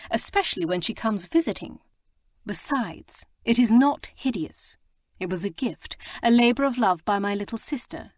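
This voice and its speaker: A woman's voice: mid-range voice, darkish tone, no room sound, close to an everyday voice. A woman voicing a spirited, prim young Regency lady who speaks with emphatic, proper indignation.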